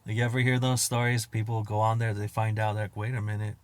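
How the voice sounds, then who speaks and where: A man hosting a podcast, riffing in a crude, profane monologue, laughing at his own jokes and acting out quotes with loud outbursts. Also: fairly low pitch, little pitch movement, quick pace, no echo. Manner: acts out quoted exchanges with sudden loud outbursts. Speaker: podcast host. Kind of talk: casual comedic monologue.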